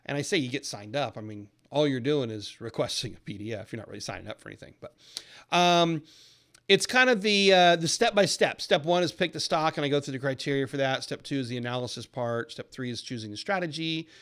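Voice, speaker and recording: A man hosting a trading channel, giving an upbeat, persuasive recorded lesson that shifts into a sales pitch. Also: brisk, fairly bright tone. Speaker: trading educator and channel host. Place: lives in a southern US city.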